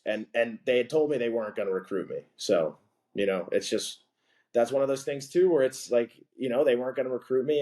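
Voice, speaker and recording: Low-voiced man telling stories casually. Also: darkish tone. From from a blue-collar family. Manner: loose and chatty, heavy with "like" and "you know", laughs between phrases. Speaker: podcast guest. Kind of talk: casual storytelling in conversation.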